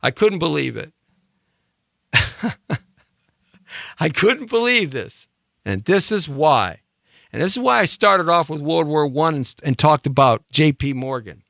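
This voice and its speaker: A man hosting a live talk show pushes through an emphatic monologue, firing off rhetorical questions and repeating them. His voice sits high and swings widely in pitch, with a bright, forceful edge. The recording is dry and close. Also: sing-song, a little slow, creaky, long pauses, dry recording. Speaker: show host. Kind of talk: opinion monologue.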